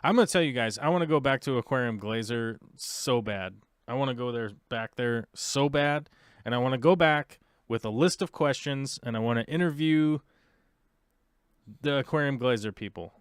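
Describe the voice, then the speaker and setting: Rambling American man, smooth voice. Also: mid-range voice, normal speed, no room sound, studio quality. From United States. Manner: rambling, many fillers and restarts, chatty. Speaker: host of aquarium livestream. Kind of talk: casual rambling live chat.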